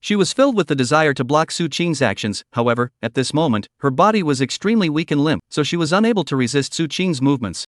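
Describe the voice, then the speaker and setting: A synthetic male narrator, reading a story recap in an even, machine-like way. His pitch sits a bit high for a man, and the sound is dry and close, with no room echo. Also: fast, few pauses.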